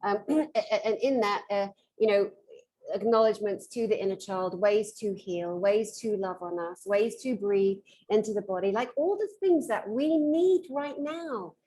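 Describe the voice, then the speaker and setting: A British woman hosting an interview, talking in a lively, playful, high-energy way. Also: normal speed. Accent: British English. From England. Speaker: host. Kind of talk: casual interview chat.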